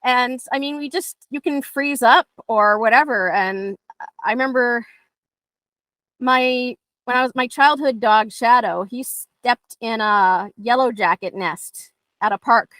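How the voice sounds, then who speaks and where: Chatty woman dog trainer, bright. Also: fairly high pitch, measured pace, dry recording. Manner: chatty, acts out her dogs' thoughts in lively voices. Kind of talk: casual teaching talk to a class.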